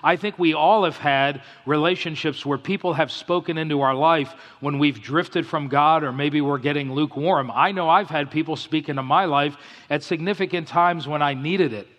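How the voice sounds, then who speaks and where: Middle-aged male pastor, slightly raised pitch, earnest sermon storyteller, long hall reverb. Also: normal speed, few pauses, a bit bright.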